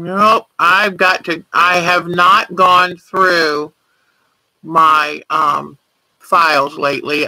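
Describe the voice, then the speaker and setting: A woman's voice: on the low side, sharp tone, dry recording, poor audio. A middle-aged woman hosting a quilting livestream, gushing with praise as she shows viewers' work. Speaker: quilting show host. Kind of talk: livestream show-and-tell commentary.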